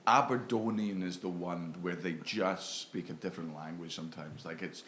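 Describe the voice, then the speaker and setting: Scottish man, low voice, roomy sound. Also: moderate pace, slight background noise. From Scotland (Fife). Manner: animated, sweary storytelling with mock voices. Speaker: guest comedian. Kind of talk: casual podcast chat.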